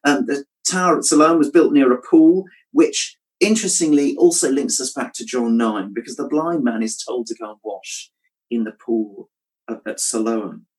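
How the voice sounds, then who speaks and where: A man preaching a sermon, thoughtful and measured, dropping his voice quietly when quoting scripture. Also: medium pitch, poor audio. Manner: reflective, drops to a hush on quoted scripture.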